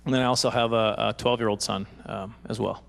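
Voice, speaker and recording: A man's voice: lowish voice, steady tone, fairly quick, creaky, fairly bright tone. A man doing self-deprecating, rambling stand-up comedy at a live banquet.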